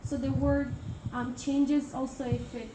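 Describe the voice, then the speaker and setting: High-voiced woman presenting in an echoey classroom. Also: little pitch movement, unhurried. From Italy. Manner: hesitant, many fillers and restarts. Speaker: international student presenter. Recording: echoey room from far off, noisy.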